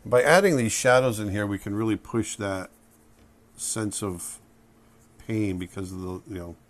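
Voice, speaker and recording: Low-voiced man teaching drawing. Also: a little slow. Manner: relaxed, thinking aloud while drawing. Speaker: drawing instructor. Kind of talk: drawing tutorial narration.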